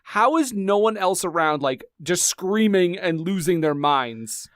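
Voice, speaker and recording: A man's voice: high voice, animated, measured pace, fairly bright tone, dry recording, clean studio sound. A man co-hosting a podcast, chatting about a movie with wry, sarcastic banter. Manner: wry, sarcastic banter with mock scolding bits. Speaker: podcast co-host. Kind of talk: casual movie-review chat.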